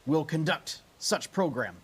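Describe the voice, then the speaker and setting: A man voicing a booming mechanical guardian that speaks in slow, clipped announcements. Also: animated, husky, heavily acted. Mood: commanding.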